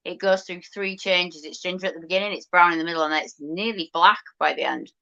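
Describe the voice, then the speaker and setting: A woman's voice: on the low side, quick pace, gravelly, pushed and bright, lo-fi sound. A woman co-hosting a podcast, chatting casually and gushing enthusiastically about the show. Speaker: podcast co-host. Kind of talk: casual chat.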